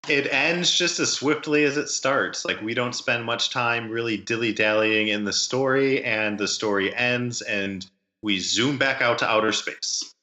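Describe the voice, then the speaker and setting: A man's voice: medium pitch, measured pace, pushed and bright, reverberant, low-quality recording. A man co-hosting a movie podcast, offering thoughtful analysis of the film's themes. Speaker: podcast co-host. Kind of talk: casual movie review chat.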